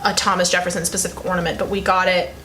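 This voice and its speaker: A woman co-hosting a casual chat who jokes in a wry, deadpan way. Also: on the low side, racing, slight background noise. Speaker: co-host.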